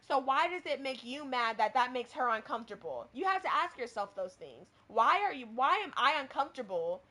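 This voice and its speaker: A woman co-hosting a casual talk show, animated, retelling a story and acting out what people said. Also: high-pitched, brisk, hardly any pauses. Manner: animated, acts out quoted people. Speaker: podcast co-host.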